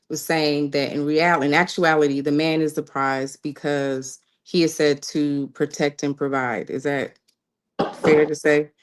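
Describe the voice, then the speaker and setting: A woman speaking as a panel guest, measured, reasoning aloud and checking that she understands. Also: low voice. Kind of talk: panel discussion.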